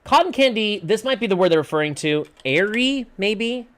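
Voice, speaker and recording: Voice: mid-range voice, expressive, normal speed, a bit bright. A livestreamer thinking aloud while working through word clues in a puzzle game, often trailing off unsure. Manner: muses over word clues, trails off with "I don't know".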